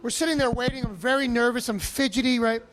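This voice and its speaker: A male stand-up comedian telling a story on a comedy club stage, animated, profane and self-mocking. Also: extremely high pitch, fast.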